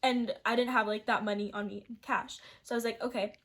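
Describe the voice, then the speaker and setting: A woman's voice: fairly high pitch, fairly even intonation, quick pace, a bit bright. Rambling young woman telling a story. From Seattle, USA. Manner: rambling, full of "like" fillers and restarts. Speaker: vlogger. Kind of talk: casual storytime narration.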